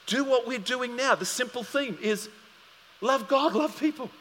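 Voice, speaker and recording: A man's voice: very high-pitched, animated, normal speed, pushed and bright, in a large hall, a little hiss or hum. A man preaching a sermon as pastor, telling stories animatedly and acting out both sides of a conversation.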